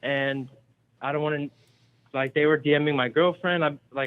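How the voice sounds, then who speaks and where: A man's voice: fairly high pitch, steady tone, fairly quick, clear, resonant tone. A young man, a podcast guest, chatting hesitantly with many fillers. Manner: hesitant, lots of likes and ums. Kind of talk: casual chat. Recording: phone-like call audio.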